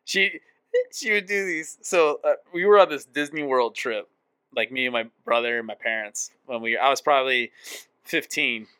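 A man co-hosting a casual podcast, reminiscing in a lively way and laughing as he talks. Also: medium pitch, normal speed, smooth, no room sound. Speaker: podcast co-host. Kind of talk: casual chat.

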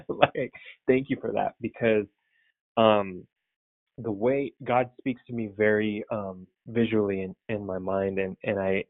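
Young man, pastor, low gravelly voice, teary and rambling; tinny phone audio. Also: no echo. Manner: emotional, tearful, rambling. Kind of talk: casual prayer-call talk.

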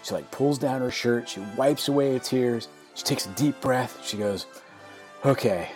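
Middle-aged male podcast co-host, halting casual storyteller, mid pitch, faint music bed. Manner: halting, repeats words, warm laughter.

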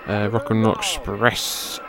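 A man with a British accent, a podcast host describing archive wrestling footage move by move in a relaxed way. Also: fairly low pitch, slow pace, crowd noise. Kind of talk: play-by-play over archive footage.

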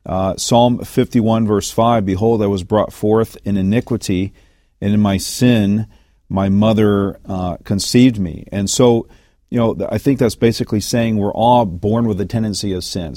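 A man with a low voice, a pastor discussing Bible questions in a measured, thoughtful way. He pauses often with "uh" and "you know" as he works through a point. The recording is dry and close. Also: dark tone, no room sound. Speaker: pastor and co-host.

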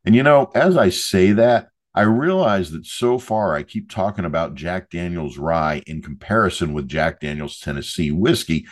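A chatty male podcast host with a very low, deep voice. He talks in a loose, joking way, full of asides, as if chatting with his regular listeners. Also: animated, normal speed, hardly any pauses. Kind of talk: casual podcast monologue and product review.

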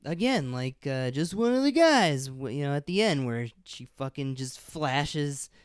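A man's voice: a little high, animated, unhurried, clean tone, dry recording, studio quality. A man co-hosting a casual movie podcast, reacting to his partner and adding details from the film. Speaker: podcast co-host.

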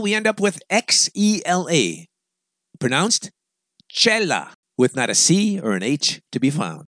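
A man's voice: mid-range voice, fairly bright tone, no room sound, clean studio sound. A man hosting a radio show, delivering an opinionated, sarcastic monologue full of wisecracks.

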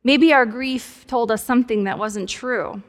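A woman's voice: fairly high pitch, a little slow. A woman pastor preaching a sermon in a conversational, playful way with humorous asides. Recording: long hall reverb.

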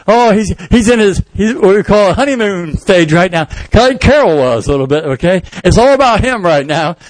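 Male pastor, high-pitched, animated sermon delivery with acted-out characters. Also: moderate pace, dry recording, rough recording. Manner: animated storytelling, acting out the congregation in voices. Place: church sanctuary.

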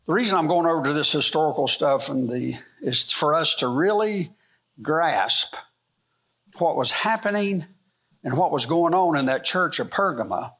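A man's voice: on the high side, animated, normal speed, fairly bright tone. A man teaching a church Bible lesson, asking the room rhetorical questions and circling back with fillers and restarts. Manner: rhetorical questions, rising emphasis; rambling, frequent fillers and restarts.

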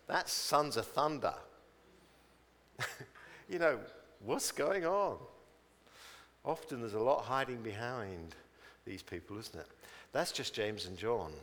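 A man's voice: medium pitch, expressive, slow pace, long pauses, a bit bright, in a large hall. A man preaching a chatty sermon, telling stories and acting out their people in voices.

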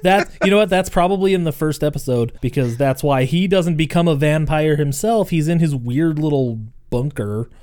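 Guy rambling and cussing on a podcast, mellow dark voice. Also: on the high side, normal speed, hardly any pauses. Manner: swearing, rambling, laughs often. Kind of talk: casual chat.

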